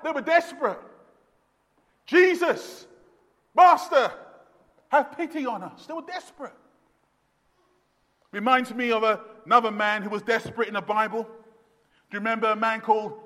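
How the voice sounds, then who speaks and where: A man preaching a sermon as pastor, swinging from hushed lines to shouted emphasis. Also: sits high. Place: church. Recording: long echoey reverb of a hall.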